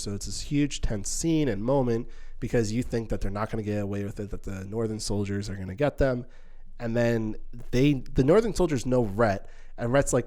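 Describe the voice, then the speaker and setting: A man's voice: fairly low pitch, darkish tone. A young adult man, a podcast co-host, retelling a film's scenes in casual chat and acting out characters' lines as he goes. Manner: retells scenes at length with quoted lines, many restarts. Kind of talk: casual film discussion.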